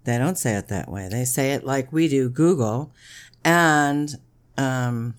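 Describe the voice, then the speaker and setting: A woman's voice: rumbling low, animated, measured pace, clear, resonant tone. A middle-aged woman co-hosting a podcast with her son, chatting casually, teasing and laughing often. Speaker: podcast co-host. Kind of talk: casual chat.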